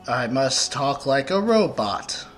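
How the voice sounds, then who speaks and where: A man's voice: medium pitch, sing-song, takes it slowly, faint music behind. A man giving rambling, joking let's play commentary while he plays.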